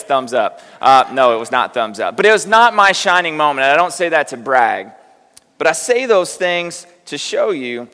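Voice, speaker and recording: With a sharp tone in a mid-range voice, a middle-aged male pastor talks to his congregation in a conversational sermon. He shares self-deprecating stories and asks the people in front of him direct questions. It's recorded in a church sanctuary with long hall reverb.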